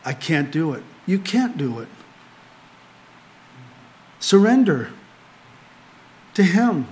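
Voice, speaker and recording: A middle-aged man preaches to a small group in a fairly high voice. He delivers his sermon earnestly, building to emphatic lines before falling back to quiet, conversational asides. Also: sing-song, slow pace. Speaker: pastor.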